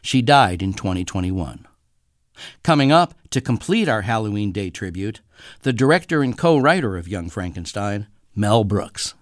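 A man hosting a radio show, reading a scripted announcement in a measured way. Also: lowish voice, dry recording, clean studio sound. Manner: measured, even announcer delivery.

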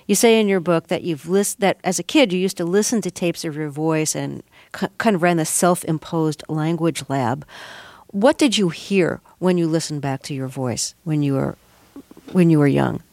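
A woman's voice: low-pitched, moderate pace, darkish tone, no room sound. A woman interviewer asking direct questions, with a few small restarts.

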